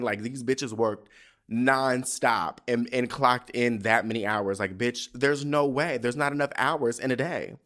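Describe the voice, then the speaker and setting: A man hosting a podcast, talking in a sassy, profane, animated way. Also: mid-range voice. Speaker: podcast host. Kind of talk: casual commentary.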